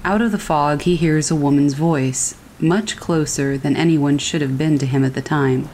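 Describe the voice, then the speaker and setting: A woman narrating horror stories in a calm, steady way, as a scripted reading. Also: low voice, normal speed, a little hiss or hum, rough recording. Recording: faint rain behind the voice. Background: rain falling.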